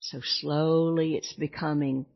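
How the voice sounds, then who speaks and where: Slow, gravelly woman teaching. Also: deep voice, little pitch movement. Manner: explanatory, repeats points and asks rhetorical questions. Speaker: teacher of a life class. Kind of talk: teaching talk. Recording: dull lo-fi recording.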